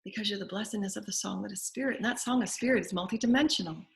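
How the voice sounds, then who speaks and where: A woman's voice: medium pitch, very fast, vocal fry, a little hiss or hum. A woman with a Southern US accent hosting a spiritual show, leading guided affirmations and prayer in a repetitive, incantatory way.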